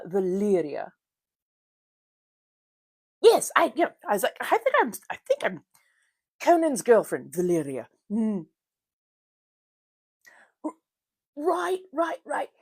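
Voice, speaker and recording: A woman's voice: medium pitch, no room sound, studio quality. A woman from the United States, hosting a casual livestream, chatting and greeting viewers by name while she does her makeup. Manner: chatty, greets viewers warmly, frequent laughs. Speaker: livestream host.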